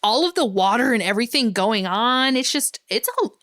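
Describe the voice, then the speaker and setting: A woman's voice: on the high side, lively intonation, fairly bright tone. A woman co-hosting a podcast, chatting casually as she recaps a film, laughing often and acting out the characters' lines. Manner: giggly, acts out characters' lines in quick paraphrase. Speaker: podcast co-host.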